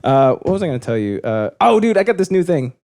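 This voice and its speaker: A man's voice: on the high side, sing-song, fast talker, a little mellow. A man co-hosting a podcast in casual chat over a voice call, joking and teasing with a giggly manner. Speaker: podcast co-host. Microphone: desktop mic on voice call.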